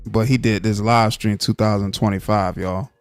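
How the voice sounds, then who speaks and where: A man hosting a live-stream commentary, dry and mocking in a relaxed way. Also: on the low side, normal speed, dry recording, soft background music. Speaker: commentary host.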